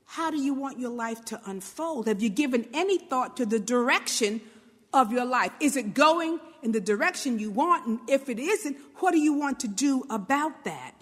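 In a large hall, a woman from Brooklyn, New York talks at normal speed with a high, husky voice and lively intonation. Her motivational talk is informal and chatty, peppered with "right?" checks and little acted-out quotes.

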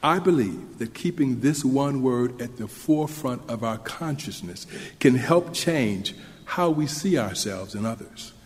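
A man delivers a sermon to a congregation, earnest and measured, sometimes asking the listeners questions. His voice sits at an ordinary middle pitch. The sound carries a long reverb from a large hall. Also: expressive. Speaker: minister.

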